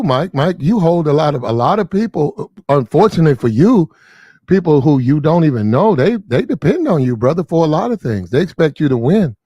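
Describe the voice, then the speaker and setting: A man gives casual commentary in a preachy, repetitive way, talking straight to the people he discusses. His voice sits a little high for a man. The sound is close and dry. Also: dark tone, no room sound. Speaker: commentary channel host.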